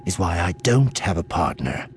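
A man voicing a cool, guarded female warrior in an audiobook, speaking flat and clipped. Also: deep voice, moderate pace, a little hiss or hum. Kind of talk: audiobook character voice.

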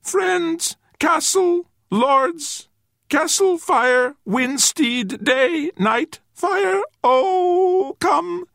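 A man's voice: very high-pitched, expressive, extremely slow, creaky, fairly bright tone, dry recording, clean studio sound, voice pushed up, exaggerated voice. A man voicing a tiny, terrified furry creature with a thin, piping, quavering voice, in a storybook reading. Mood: pleading.

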